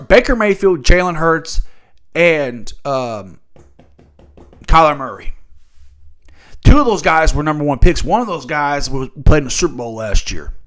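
A man's voice: fairly high pitch, a bit bright. A man hosting a solo sports talk show, ranting in a fired-up, profane way. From Louisville area.

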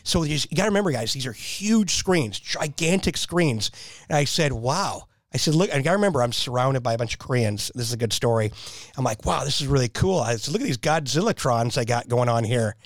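A man telling animated stories in a casual chat and laughing at his own jokes. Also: medium pitch, fairly quick, no room sound.

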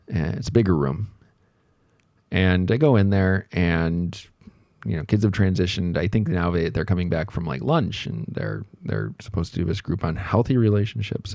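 A man with a very low voice tells a story from his own working life, looping back on himself and poking fun at himself. The sound is close and dry, with no room around it. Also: gravelly, a little mellow, no room sound. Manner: rambling, self-deprecating, reflective, many fillers. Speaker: podcast host telling a work story. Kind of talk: casual storytelling monologue.

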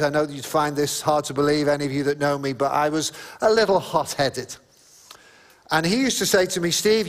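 A middle-aged man preaching a sermon in a relaxed, conversational way, often reading scripture aloud. His voice sits fairly high for a man, and it carries a long reverb from a large hall. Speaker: pastor.

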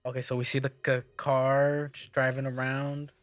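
A man's voice: medium pitch, monotone, moderate pace, dry recording. A man in casual chat while watching a movie with friends, talking in a chatty, questioning way.

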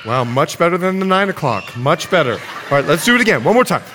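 A male pastor preaching a sermon in a church, animated and playful with his audience. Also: a little high, fairly quick, heavy background noise. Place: church sanctuary. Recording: long hall reverb, congregation audible. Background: congregation.

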